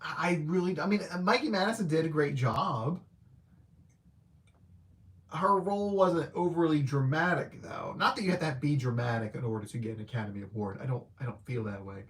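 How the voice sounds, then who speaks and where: A film reviewer with a slightly high, fairly bright voice talks briskly through a casual, rambling movie review. Laid-back and conversational, he hesitates often, leans heavily on "like" and "I don't know," and chuckles at his own remarks.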